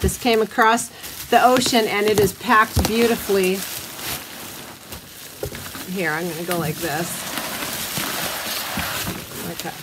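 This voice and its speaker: A woman hosting a casual unboxing vlog, gushing to her viewers in an excitable way. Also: medium pitch, noisy background. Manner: gushing, excitable, talks to viewers as "you guys". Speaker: soap maker and channel host.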